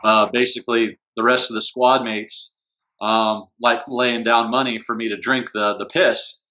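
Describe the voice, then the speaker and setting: A middle-aged man, a podcast guest, telling a story in a halting way, full of fillers. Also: mid-range voice, flat delivery, sharp tone, lo-fi sound. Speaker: guest, former squad member. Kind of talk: casual chat, storytelling.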